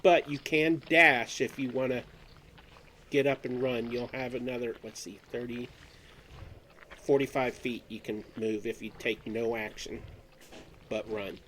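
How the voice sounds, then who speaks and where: A man's voice: medium pitch, measured pace, long pauses, a little hiss or hum, poor audio. Man running a tabletop game. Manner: relaxed, explains rules step by step. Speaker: game master.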